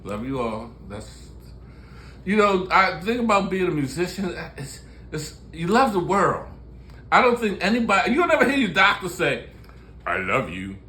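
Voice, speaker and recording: A man's voice: high voice, sing-song, moderate pace, pushed and bright, a little hiss or hum. A man in his sixties from Baltimore, a musician telling stories in a candid, joking way and laughing often in casual chat. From Baltimore, USA. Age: 60s. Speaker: musician and show host.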